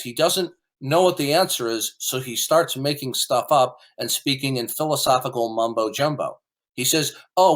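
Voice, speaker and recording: A man's voice: mid-range voice, fairly bright tone. A man hosting an online debate, talking in a combative, dismissive way and often repeating words as he argues. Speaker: debate host. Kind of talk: heated debate commentary.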